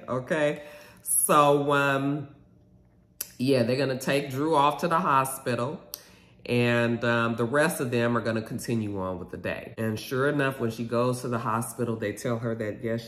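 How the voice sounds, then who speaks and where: A man giving a casual, animated recap of a reality TV episode, gossipy and sassy. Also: medium pitch, moderate pace, reverberant.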